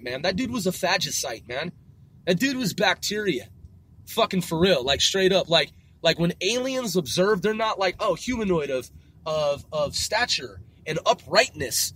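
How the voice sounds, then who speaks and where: A man's voice: high voice, big pitch swings, moderate pace, a bit bright, breathy edge. A man ranting in a rambling casual monologue, profane and full of street slang, circling back and repeating himself. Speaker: vlogger.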